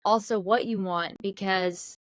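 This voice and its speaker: A middle-aged woman co-hosting a podcast in casual chat, affectionate and quick to laugh. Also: medium pitch, steady tone, no room sound. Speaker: podcast co-host.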